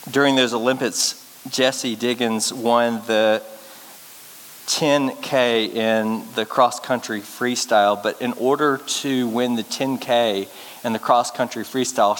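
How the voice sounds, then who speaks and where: A male pastor giving a sermon, speaking earnestly and getting lively when he tells stories. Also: mid-range voice. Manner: earnest storytelling preacher, lively when telling anecdotes. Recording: reverberant hall with faint hiss.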